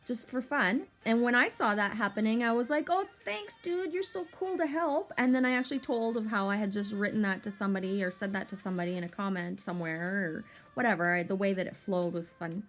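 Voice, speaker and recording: A woman's voice: mid-range voice, fast, hardly any pauses, soft background music. Swearing, rambling woman vlogger. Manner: profane, rambling, animated storytelling. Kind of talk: casual storytelling vlog.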